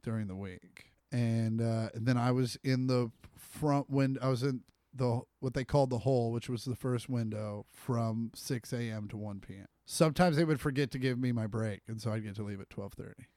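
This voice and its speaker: A man's voice: medium pitch, normal speed, few pauses, no echo, clean studio sound. A man in his forties from Kansas City, co-hosting a comedy podcast and telling joking stories in casual chat. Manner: storytelling, joking, animated.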